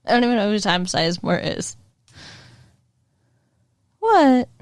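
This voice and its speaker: A woman co-hosting a podcast in casual chat, easygoing and quick to laugh. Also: mid-range voice, very animated, no room sound, clean studio sound. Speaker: podcast co-host.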